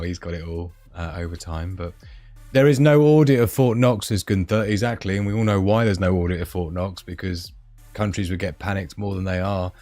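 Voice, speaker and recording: A man with a lowish voice talks in a loose, rambling way, wandering between thoughts as he hosts a live stream. The sound is dry and close, with faint music playing somewhere behind him. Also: darkish tone, no room sound. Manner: rambling, chatty, loses his thread. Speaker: livestream host. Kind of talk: casual live-stream chat.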